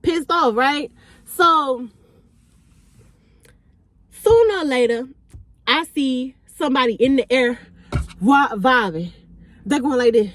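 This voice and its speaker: A woman's voice: high voice, slow pace, long pauses, dry recording. A young woman, telling a party story in a casual vlog and acting out the people in it. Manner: animated, acts out the voices of people in her story. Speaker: storytime vlogger.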